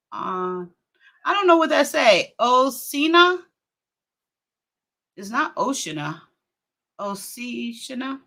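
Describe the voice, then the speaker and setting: A middle-aged woman, hosting a live stream in casual, exclamatory chat. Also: medium pitch. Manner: lively, exclaims and laughs often.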